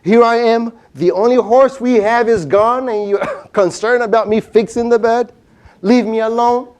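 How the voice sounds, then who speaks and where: A man's voice: sits high, animated, moderate pace, darkish tone. A man voicing a farmer in a story he tells, who snaps at people and then turns friendly, in a raised exclaiming voice. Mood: angry. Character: angry downcast farmer, later cheerful.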